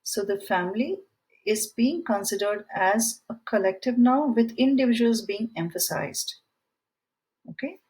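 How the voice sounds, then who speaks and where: A woman's voice: on the high side, animated, a little slow, a little mellow, rough recording. A woman teaching a grammar lesson, explaining rules through example sentences and reading quiz items aloud. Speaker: English teacher. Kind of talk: slow, deliberate grammar lesson.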